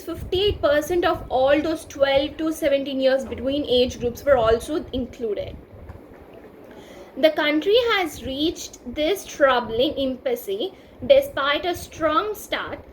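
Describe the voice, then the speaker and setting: A woman's voice: sits high, a little hiss or hum, low-quality recording. A woman teacher, reading a newspaper editorial and explaining word meanings in careful repeated lists. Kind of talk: slow reading and vocabulary lesson.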